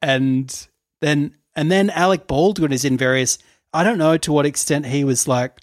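This podcast co-host has a voice on the high side and speaks at normal speed, chatting casually as he tells a story. He laughs a lot and uses plenty of fillers. The sound is studio quality, with no echo.

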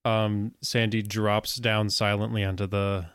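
A man playing a tabletop game, calmly describing his character's actions. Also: lowish voice, a little slow, clear, resonant tone, no room sound, studio quality. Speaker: player.

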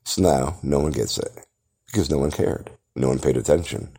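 A man's voice: rumbling low, normal speed, gravelly, dark tone, slightly rough. A man hosting a podcast, delivering a grandiose, theatrical monologue that lectures the listener. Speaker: podcast host. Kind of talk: grandiose self-promoting monologue.

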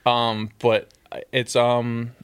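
A man's voice: medium pitch, completely flat delivery, very slow, clear, resonant tone. A man in his thirties, a guest on a podcast, telling rambling stories in casual chat and laughing often. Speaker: guest, sneaker customizer.

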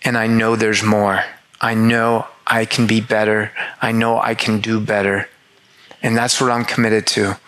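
A man with a bright, forward voice speaks straight to his listeners in an earnest motivational monologue. He leans hard on repetition for emphasis and is heartfelt throughout. Now and then he drops a casual swear word into the sincerity. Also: medium pitch, poor audio.

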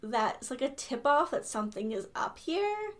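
A woman's voice: high voice, very animated, moderate pace. A woman co-hosting a book-club podcast in casual chat, enthusiastic and full of "like", floating her own theories. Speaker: podcast co-host.

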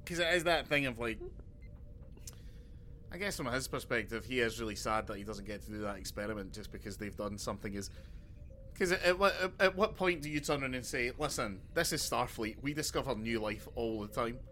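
Rambling man, bright voice. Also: mid-range voice, a little fast, slight background noise. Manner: rambling, sweary, full of restarts and tangents. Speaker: podcast co-host. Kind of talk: casual chat.

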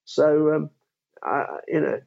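Gravelly fifty-something man, dull lo-fi sound. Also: on the high side, slow, darkish tone. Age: 50s. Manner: reflective, with frequent restarts. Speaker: guest, former law firm CEO. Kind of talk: interview conversation.

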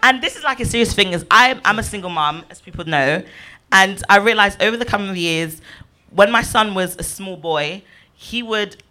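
A woman's voice: mid-range voice, moderate pace. A woman, chatting casually in front of a live audience and acting out voices as she tells stories. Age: 20s. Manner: animated storyteller, acts out voices with big laughs.

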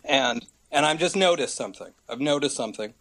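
With a fairly high, fairly bright voice and lively intonation, this man from the United States speaks briskly. In his thirties and a regular on a comedy podcast, he meanders through a theory in relaxed conversation, frequently breaking into laughter.

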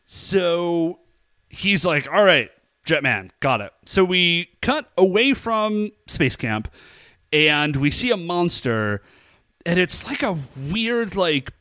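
A man's voice: high voice, very animated, slow pace, pushed and bright, clear, resonant tone, no room sound, studio quality. A man co-hosting a podcast, casually recapping an episode, chatty and laughing, acting out lines in quotes. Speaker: podcast co-host.

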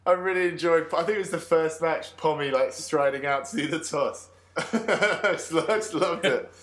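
A man's voice: on the high side, moderate pace, fairly bright tone. A man co-hosting a cricket podcast, chatting casually, laughing easily and rambling a bit. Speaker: podcast co-host. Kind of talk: casual chat.

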